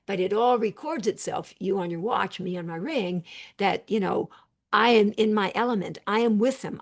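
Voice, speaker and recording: Older woman, gravelly voice, husky, emphatic, video call interview. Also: medium pitch. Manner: animated and emphatic, with quick asides. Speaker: psychiatrist and psychotherapist.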